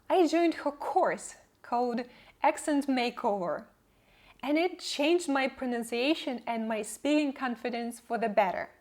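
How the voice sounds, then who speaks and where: A young woman, not a native English speaker, telling her language-learning story in an earnest, measured vlog narration. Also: high-pitched. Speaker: English-learning channel host. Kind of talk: scripted personal vlog narration.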